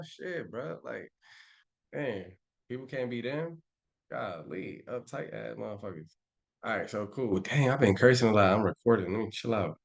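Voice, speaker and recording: A man on a live stream breaking down trading charts in a loose, slangy, profane and animated way. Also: mid-range voice, moderate pace. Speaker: trading educator.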